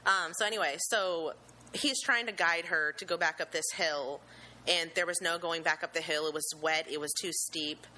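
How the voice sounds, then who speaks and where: A nervous young woman gives an unscripted eyewitness account, halting with many "um"s and restarts, earnest and emotional, expressing religious gratitude. Her voice is bright and low, and the poor audio carries slight background noise.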